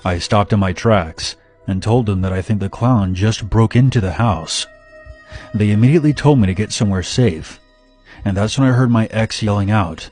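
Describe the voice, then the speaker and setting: Brief: male horror narrator, low voice, steady dramatic first-person telling, faint music behind. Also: normal speed. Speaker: story narrator. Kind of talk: scripted horror story narration.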